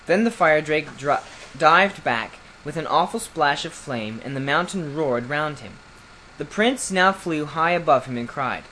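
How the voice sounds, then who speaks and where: Audiobook reader, fairy-tale narration, animated pitch, faint hiss. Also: unhurried, low-quality recording. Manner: lively, expressive reading. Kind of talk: storybook narration.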